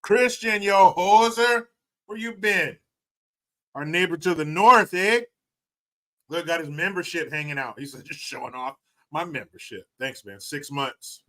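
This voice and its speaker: A man's voice: on the high side, unhurried, bright, forceful tone. A man hosting a livestream who reads out viewer messages and banters in a joking, profane, laid-back way. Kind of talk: casual chat.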